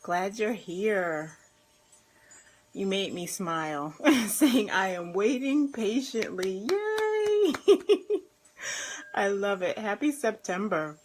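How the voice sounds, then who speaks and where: A woman's voice: mid-range voice, slow. Bubbly woman life coach greeting viewers. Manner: bubbly, effusive, laughs often. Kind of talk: live stream greeting viewers.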